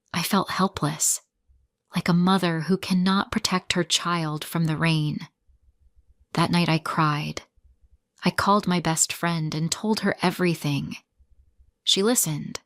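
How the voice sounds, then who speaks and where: Slow-reading woman storyteller, dry. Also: lowish voice, dry recording. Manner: plain, simple sentences, sorrowful first-person telling. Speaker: storyteller for English learners. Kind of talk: slow scripted narration for learners.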